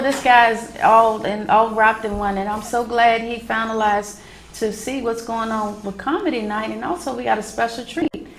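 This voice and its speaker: Woman, talk show host, upbeat announcer style, higher voice, gravelly fry, faint background noise. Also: normal speed. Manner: upbeat announcer style with many short "mm-hmm" replies.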